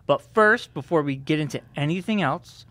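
Upbeat male co-host, higher voice with lots of movement, dry studio mic. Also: moderate pace. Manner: upbeat, promotional, animated. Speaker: podcast co-host and event promoter. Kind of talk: casual chat.

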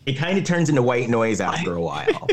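A man's voice: mid-range voice, sing-song, a little fast. A man co-hosting a podcast, chatting casually, teasing his co-hosts and steering the talk back on track. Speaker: podcast co-host. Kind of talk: casual chat.

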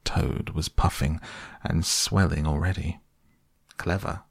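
A man narrating a storybook reading in a measured, expressive way. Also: deep voice, gravelly, slightly rough, no echo, studio quality.

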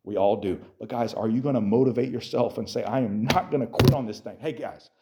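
A man preaching a sermon to a youth group, animated, swinging from quiet talk to shouting and speaking straight to his listeners. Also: mid-range voice, fairly quick, very noisy.

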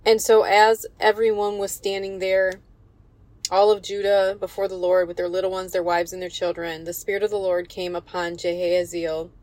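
A woman's voice: fairly low pitch, little pitch movement, moderate pace, darkish tone. A woman giving an earnest, encouraging devotional Bible teaching, quoting scripture with emphasis. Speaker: Bible teacher and business coach.

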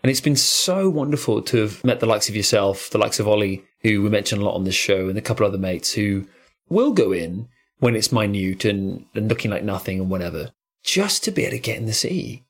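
Husky rambling podcast host. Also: male voice, fairly low pitch, animated, brisk. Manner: rambling, musing, with frequent "quote unquote" asides. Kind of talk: casual chat.

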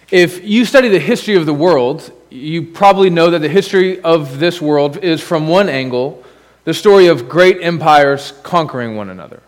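A man preaching to his congregation in a conversational way, with rhetorical questions and offhand asides. His voice sits a little higher than most men's. The sound carries the long reverb of a church hall. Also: animated, normal speed. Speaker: pastor. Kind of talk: sermon. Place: church sanctuary.

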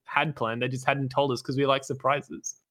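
Upbeat guy on a gaming podcast, bright tense voice, casual chat. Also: medium pitch, little pitch movement, normal speed. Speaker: podcast co-host.

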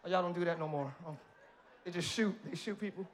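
A man preaching a sermon as pastor, moving between quiet asides and loud, rising shouts, with playful jokes to the congregation. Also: high voice, fast talker. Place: church sanctuary.

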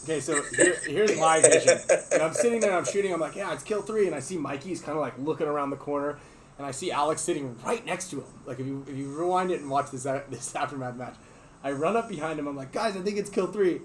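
A man hosting a sports podcast, telling a lively story and acting out his teammates' lines. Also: fairly high pitch, fast talker, a little hiss or hum. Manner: animated, acts out teammates' lines. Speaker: podcast host and player. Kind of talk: casual storytelling.

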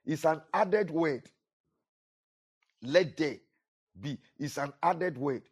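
Man preaching slow, kinda high voice, repeats stuff, gets loud then drops quiet. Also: slightly rough. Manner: emphatic, repeats phrases, rising and falling delivery. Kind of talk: sermon. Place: church.

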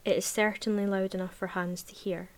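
A woman reading a novel aloud in a measured, even voice, then chatting casually about the book. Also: medium pitch. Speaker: book reviewer.

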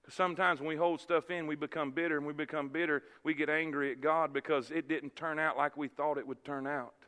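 A man's voice: fairly high pitch, steady tone, brisk, pushed and bright. A man, preaching a sermon as pastor, telling a story emphatically and repeating his words. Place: church sanctuary. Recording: church hall reverb.

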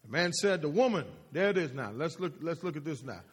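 A man preaching in a sermon, his voice high and a little husky. He throws questions to the congregation and repeats lines for emphasis, with a long reverb trailing behind him in the hall. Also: animated, a little fast. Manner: call-and-response, questions to the congregation; repeats phrases, rising and falling emphasis.

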